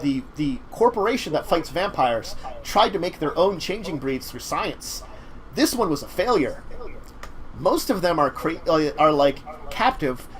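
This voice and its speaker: A man's voice: on the high side, a bit bright. A man hosting a casual talk show, rambling through a game master's recap with frequent restarts. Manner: rambling, halting with fillers and restarts. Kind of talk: casual chat recapping games.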